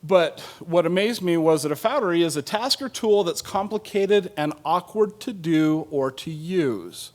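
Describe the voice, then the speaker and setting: A middle-aged man gives a conference panel talk in a relaxed, joking way, with plenty of ums and uhs. His voice sits a little high for a man. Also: measured pace, few pauses. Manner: casual and joking, with many fillers. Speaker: state water agency planner presenting at a conference.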